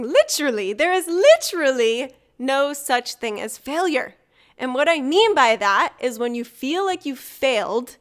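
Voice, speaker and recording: A woman's voice: a little high, a bit bright. A woman hosting a motivational solo podcast, talking casually, laughing easily and swearing now and then. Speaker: podcast host.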